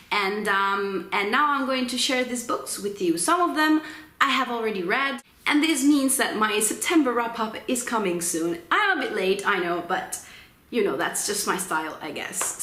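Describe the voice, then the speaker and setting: A young Italian woman with an Italian accent, chatting casually to camera about books, often pausing with ums. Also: a little high, fairly bright tone. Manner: chatty, hesitant with frequent ums. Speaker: book vlogger. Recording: roomy echo.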